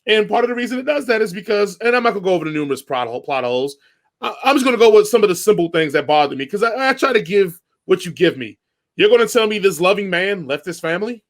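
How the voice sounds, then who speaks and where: A man co-hosting a podcast, giving an animated, jokey movie rant with swearing in a casual chat. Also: high-pitched, fast. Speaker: podcast co-host.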